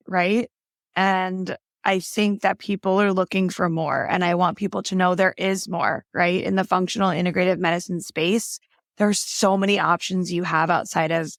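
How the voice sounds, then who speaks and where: Young woman guest telling her story, lots of "like" and "um", fairly low voice. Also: no room sound, studio quality. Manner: earnest storytelling, frequent "like" and "um". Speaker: podcast guest, holistic nutrition consultant. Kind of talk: casual interview conversation.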